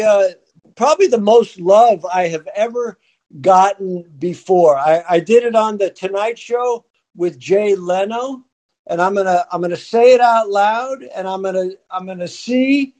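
A man's voice: high voice, measured pace, a little mellow. A man hosting a casual call-in podcast, telling a long joke in a playful, rambling way. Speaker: podcast host. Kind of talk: casual chat and storytelling.

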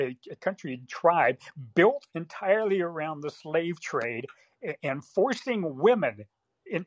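A man calling in to a podcast, talking haltingly with many fillers and restarts as he hunts for words. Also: a little high, fairly bright tone, dry recording, low-quality recording. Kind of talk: casual call-in talk.

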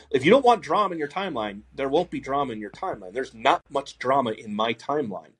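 A husky-voiced man hosting a casual podcast, ranting bluntly with plenty of swearing. He laughs often in the middle of his sentences. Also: mid-range voice, animated, brisk. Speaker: podcast host.

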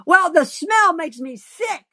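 A woman's voice: fairly low pitch, takes it slowly, a bit bright, dry recording. Woman putting on a fussy health-nut girl of 23, earnest, dramatic, dry close sound. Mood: shrill upset. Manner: earnest and dramatic, shrieks when upset. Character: fussy health-obsessed young woman, age 23.

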